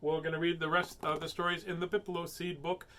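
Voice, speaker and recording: A man with a bright, forceful voice sitting a little higher than most, chatting in a silly, rambling way. He then reads picture books aloud as host of a children's story show. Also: flat delivery, quick pace. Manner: playful and silly, rambling asides. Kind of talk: casual chat and picture book reading.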